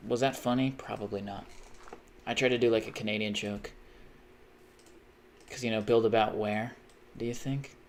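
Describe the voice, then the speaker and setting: A man's voice: lowish voice, steady tone, moderate pace, pauses often, a little hiss or hum. Rambling, self-mocking male streamer. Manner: rambling, self-mocking, makes odd repeated mouth noises. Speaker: live streamer. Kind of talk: casual live-stream chat while gaming.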